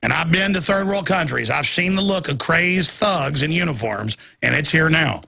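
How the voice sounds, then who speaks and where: A man's voice: a little high, expressive, normal speed, vocal fry, bright, forceful tone. A man hosting a talk show, ranting in emphatic, sarcastic political commentary with frequent restarts.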